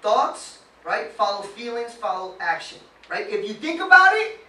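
A man giving an animated motivational talk to a small live group, quizzing them with questions and breaking into mocking whiny voices. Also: high-pitched, normal speed. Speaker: motivational speaker. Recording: roomy sound from far off with faint noise.

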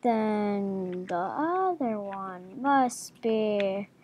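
A woman casually commenting on her own gameplay, talking to herself with jumpy reactions and soft murmured asides. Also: mid-range voice, animated, drawn-out words, a little hiss or hum. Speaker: gaming video creator.

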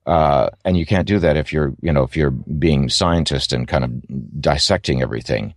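Very deep-voiced man. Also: normal speed, gravelly, dry recording, studio quality. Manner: thoughtful, rambling with many restarts and fillers. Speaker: audiobook narrator. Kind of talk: interview answers.

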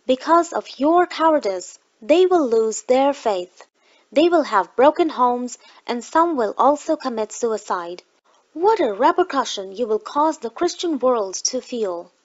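A woman voicing a stern divine voice that scolds a man, speaking slowly and solemnly. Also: sits high, expressive, dull audio.

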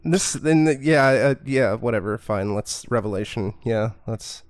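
A man chats through a watch-along stream, making crude jokes and letting his lines trail off into mutters. His voice sits at an ordinary pitch and sounds dry and close to the mic. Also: a little slow, no room sound. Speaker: streamer watching a show with a friend. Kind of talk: casual watch-along chat.

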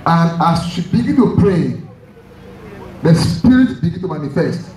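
A man's voice: fairly high pitch, very animated, measured pace, darkish tone, reverberant, recorded from a distance, a faint crowd, rough recording. A man preaching a sermon, telling a story with emphatic repeated phrases.

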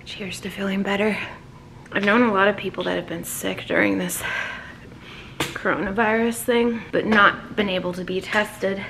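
This is a woman filming a casual vlog at home while she is unwell, with a stuffy nose and an aching chest. Her voice has a gravelly fry and often sinks to a whisper. The recording picks up noticeable background noise, and her pitch sits in an ordinary middle range. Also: steady tone, normal speed. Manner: soft-spoken, often dropping to a whisper. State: sick, with a runny nose and a sore chest. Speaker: vlogger. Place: at home, indoors.

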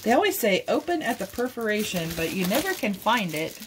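A woman's voice: medium pitch, big pitch swings, brisk, background noise. A middle-aged woman hosting a craft vlog, cooing and giggling as she unboxes gifts. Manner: gushing, coos and giggles. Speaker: craft channel host.

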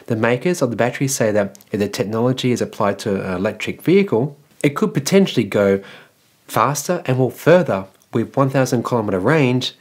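A man's voice: medium pitch, lively intonation, a little fast. A man from Australia hosting an electric car news show, reading his script in a loose, casual way and filling gaps with "like" and "well". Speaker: EV news host.

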